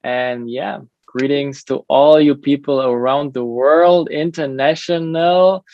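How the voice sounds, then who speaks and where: A man's voice: a little high, steady tone, slow pace, dry recording, dull audio. A man from Germany with a German accent, a drummer and drum teacher, talking earnestly as a podcast guest in a drum lesson room. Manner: friendly, earnest, many fillers. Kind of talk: casual interview conversation.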